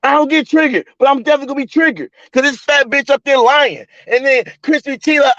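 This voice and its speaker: Man, very high pitch, sharp tone, profane heated stream rant, muffled dry recording. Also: no echo. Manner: profane, fast-talking, mocking. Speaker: streamer host. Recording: dull lo-fi dry stream audio.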